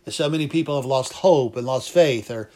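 A man's voice: medium pitch, a little fast, mellow. A man preaching a sermon, fervent and emphatic, repeating phrases for emphasis. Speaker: pastor.

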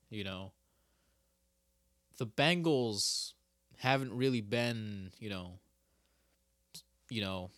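A man's voice: on the low side, a bit bright, no room sound, studio quality. A young man hosting a casual solo podcast, rambling and stopping himself mid-sentence, cursing freely. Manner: rambling, self-interrupting, swears a lot. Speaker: podcast host.

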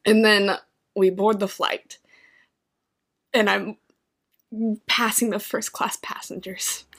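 A woman's voice: mid-range voice, slow. A woman co-hosting a casual chat, telling stories with lots of laughter and acted-out reactions. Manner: animated, laughs often, acts out her own reactions.

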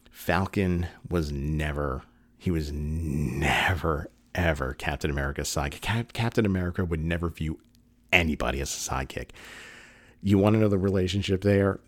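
A man speaks in a strikingly deep, low register, talking through a casual commentary. He rambles earnestly, restarting sentences and stacking fillers, and gets emotional at times. The sound is dry and close, with no room around it. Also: normal speed, no echo. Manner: emotional, getting choked up.

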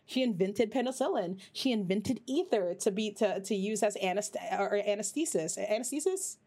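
A woman hosting a podcast, chatting casually and rambling, swearing freely, with her voice jumping up high when she gets worked up. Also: lively intonation, moderate pace, warm tone. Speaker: podcast host. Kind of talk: casual chat.

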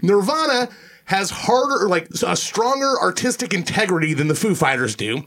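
Lively, excitable podcast guy. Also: sits high, normal speed. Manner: animated, swearing, acts out quotes loudly. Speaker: podcast co-host. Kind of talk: casual chat.

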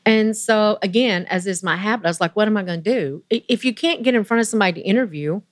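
Animated Southern woman in her sixties. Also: fast talker, dry recording, studio quality. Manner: chatty, animated, voice rising high when excited. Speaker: interview guest. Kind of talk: personal storytelling.

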